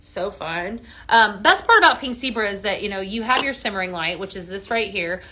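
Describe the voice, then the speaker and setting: A woman's voice: medium pitch, lively intonation, brisk, noisy background. A woman hosting a casual live-stream product show, chatting and answering viewer comments with many fillers. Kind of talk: casual live-selling chat.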